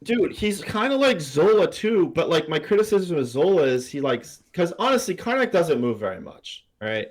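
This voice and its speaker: A man's voice: on the high side, sing-song, normal speed, few pauses. A man co-hosting a casual tabletop gaming podcast, rambling with lots of fillers and restarts. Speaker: podcast co-host.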